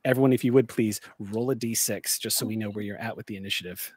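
A man as game master, narrating a tabletop game with vivid, deliberate description. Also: lowish voice, fairly even intonation, a little mellow, breathy edge, no echo, studio quality.

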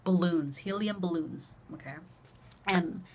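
Low-voiced young woman telling a story. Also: a little slow. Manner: animated, swears freely, acts out dialogue. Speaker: vlogger. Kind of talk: casual storytelling.

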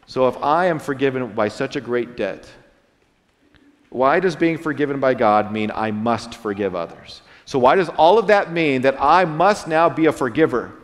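A male pastor preaching in a church sanctuary, his voice carrying a long hall reverb. He is earnest and dramatic, rising loud and dropping soft as he preaches. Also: medium pitch, lively intonation, moderate pace. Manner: earnest preaching with dramatic swings in loudness and pace. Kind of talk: sermon.

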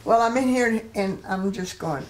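A woman evangelist recounting healing stories as a guest in a TV studio. She is a lively storyteller who slips into voices for the people she quotes. Her pitch sits in a middle range. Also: moderate pace. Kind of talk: testimony storytelling in a TV interview.

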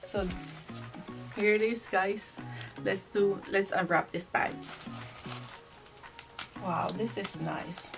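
A woman's voice: medium pitch, fairly even intonation, slow, creaky, pauses often, far from the mic, music in the background. A woman from the Philippines with a Filipino accent, chatting casually through a handbag unboxing, musing aloud as she goes. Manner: chatty, restarts and muses aloud.

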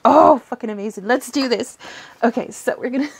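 Giddy young girl unboxing stuff, kinda high voice, gushes and giggles a lot. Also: brisk, creaky, husky. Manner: giddy, gushing, swears and giggles often. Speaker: tarot reader and unboxing vlogger. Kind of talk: excited casual unboxing vlog.

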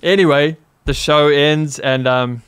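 A man from New Zealand with a New Zealand accent, a podcast guest telling a story in a casual, animated way, laughing often and saying "like" a lot. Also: a little high, unhurried, smooth.

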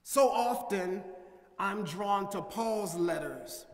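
Pastor, male, high voice, slow deliberate sermon delivery, long church reverb. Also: animated. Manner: prayerful and measured, then rising preaching cadence. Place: church sanctuary.

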